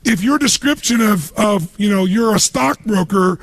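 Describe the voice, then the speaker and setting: A man giving a motivational seminar talk to a live audience, telling stories with punchy, animated emphasis and a gravelly, raspy voice. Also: high-pitched, normal speed, no room sound. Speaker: motivational speaker.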